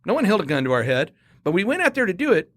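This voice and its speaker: A middle-aged man from the United States, a Marine veteran, telling a story in a casual podcast chat with animated energy and frequent repeated words. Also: high voice, rapid-fire, dry recording, clean studio sound.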